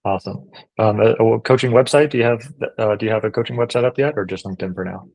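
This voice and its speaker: A fairly low-pitched man hosts a relaxed interview, speaking to his guest in a friendly, brotherly way. His talk is plain and easy. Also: fast, creaky, poor audio. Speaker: podcast host, veteran.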